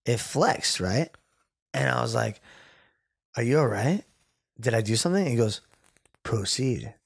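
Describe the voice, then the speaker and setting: A man who hosts a podcast as a barber, telling a wild story in a casual, animated way, peppered with "bro". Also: mid-range voice, normal speed, vocal fry, husky. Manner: animated, excitable storyteller, says "bro" a lot.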